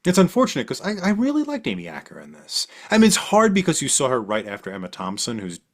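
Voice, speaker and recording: A man's voice: medium pitch, fast. A man co-hosting a podcast, casually discussing film adaptations and reading the show's closing promos. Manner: animated, thinks aloud with restarts, then reads promos. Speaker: podcast co-host.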